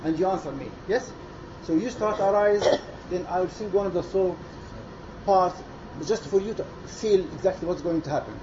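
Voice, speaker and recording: A man's voice: high-pitched, moderate pace. Man coaching a choir. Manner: mixes English with Arabic, coaching and demonstrating by singing. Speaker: choir conductor. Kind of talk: choir rehearsal instruction. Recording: lo-fi with noise behind.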